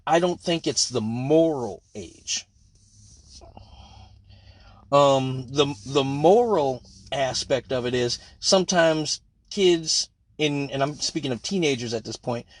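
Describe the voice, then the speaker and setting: A man's voice: on the high side, no room sound. A man hosting a live stream, talking bluntly and profanely in casual chat.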